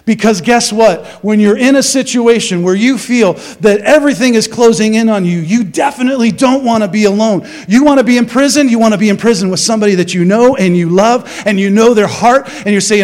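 A male pastor preaches a sermon in a chatty, animated way and keeps asking his congregation questions. His voice sits fairly high for a man. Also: fairly quick, few pauses. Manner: conversational, animated storytelling, asks the congregation questions.

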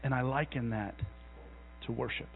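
A man in his thirties preaching a conversational sermon, telling folksy stories with self-deprecating asides and building to a slow, fervent conviction. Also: mid-range voice, steady tone, creaky, slight background noise. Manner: builds to a louder, slower fervor. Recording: tinny, phone-like sound in a long reverberant hall.

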